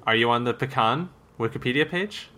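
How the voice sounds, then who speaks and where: Bright-voiced man in casual podcast chat. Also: medium pitch, lively intonation, a little fast, a little hiss or hum. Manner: playful, laughs often, corrects details. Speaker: podcast co-host.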